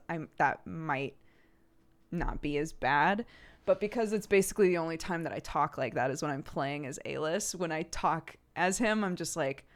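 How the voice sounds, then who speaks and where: Low-voiced American woman chatting casually. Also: smooth. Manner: rambling and self-reflective, laughs often. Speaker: streamer. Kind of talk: casual chat with stream viewers.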